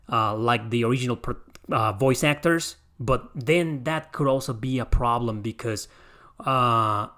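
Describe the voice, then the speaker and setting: A young man with a mid-range, slightly bright voice hosts a podcast, casually rambling through his opinions on a game remake. He often corrects himself mid-sentence in this laid-back game review talk.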